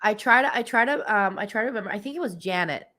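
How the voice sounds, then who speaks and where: A woman's voice: mid-range voice, fast, bright, forceful tone. A woman hosting a spiritual livestream, chatting casually and giggling often, with lots of fillers. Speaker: livestream host and spiritual reader.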